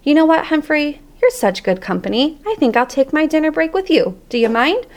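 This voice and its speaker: A woman's voice: high-pitched, big pitch swings, fairly quick, a little mellow, pitched above the performer's own voice. A woman voicing a friendly, joking middle-aged male janitor in a storybook reading.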